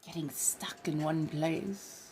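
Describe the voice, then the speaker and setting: A woman's voice: sits low, fairly even intonation, slow, darkish tone. A woman hosting a live stream in character as an ancient vampire, chatting and reading tarot with theatrical, old-fashioned genteel phrasing.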